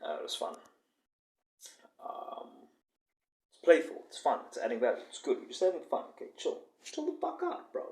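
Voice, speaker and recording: A man's voice: mid-range voice, expressive, normal speed, pauses often, darkish tone, roomy sound. A young man in a casual vlog monologue, talking in a boastful, rambling way with many fillers.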